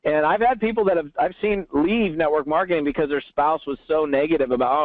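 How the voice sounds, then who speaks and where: A man telling stories in an animated way during an interview, acting out the voices of people he quotes. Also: fairly high pitch, quick pace, few pauses, no room sound. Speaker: network marketing trainer, guest. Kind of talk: storytelling interview answer. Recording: tinny phone line.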